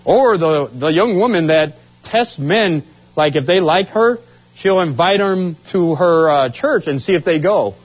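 Animated man telling his testimony. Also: unhurried. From Washington state, USA. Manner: animated, acts out quotes with rising pitch. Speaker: speaker giving a testimony. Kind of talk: storytelling testimony. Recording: dull lo-fi sound.

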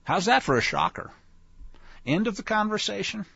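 A man's voice: sits high, very animated, moderate pace, gravelly, sharp tone, husky, no room sound. A man teaching through a Bible passage in a folksy, conversational way, with asides to his listeners. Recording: dull lo-fi dry recording.

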